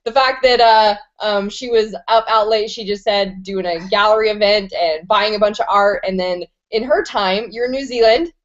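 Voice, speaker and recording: A woman's voice: medium pitch, normal speed, hardly any pauses. Woman host, enthusiastic, slangy, profane, rambling, dull lo-fi video call audio. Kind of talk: energetic online interview show.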